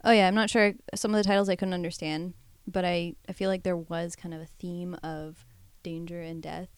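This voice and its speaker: A woman's voice: lowish voice, steady tone, a little fast, clear, resonant tone, dry recording. A woman co-hosting a casual chat, joking and rambling with playful asides. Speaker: podcast co-host.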